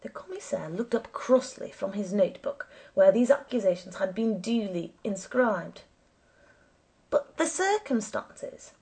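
A woman narrating a story as an audiobook reader, with measured storytelling and lively quoted voices. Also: medium pitch, vocal fry, slightly rough.

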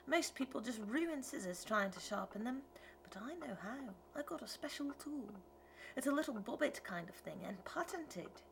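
A woman's voice: a little high, lively intonation, moderate pace, creaky, a bit bright, slight background noise, voice pushed up. A woman doing a folksy wandering tinker man. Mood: persuasive. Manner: rustic ungrammatical drawl, wheedling. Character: folksy wandering male tinker, pleading salesman. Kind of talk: audiobook character reading.

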